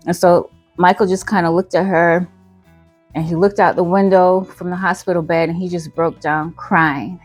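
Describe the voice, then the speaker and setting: A woman's voice: on the low side, steady tone, moderate pace, no room sound, soft background music. A woman hosting her channel, telling a story casually, full of fillers and self-corrections.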